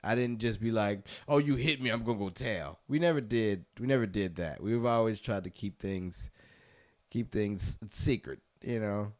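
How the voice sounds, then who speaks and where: Chill podcast guy, lowish voice, rambles and swears easy. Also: moderate pace, a little mellow. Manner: laid-back, rambling, swears casually. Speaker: podcast co-host. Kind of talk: casual chat.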